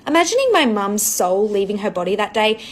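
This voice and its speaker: A woman's voice: medium pitch, very animated, brisk. A young woman telling a dry, self-mocking storytime about her childhood. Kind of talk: casual storytime.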